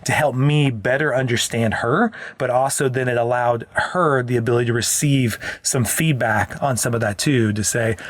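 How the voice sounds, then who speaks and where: A man's voice: medium pitch, normal speed, few pauses, no echo. A man co-hosting a parenting podcast as a counselor, explaining earnestly in casual chat and often restarting his sentences.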